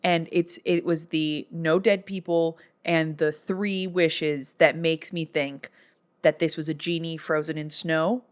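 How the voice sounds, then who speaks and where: A woman's voice: low voice, fairly even intonation, slow. Sarcastic woman recapping a movie. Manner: sarcastic, jokey storytelling. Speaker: vlogger. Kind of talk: casual movie recap commentary.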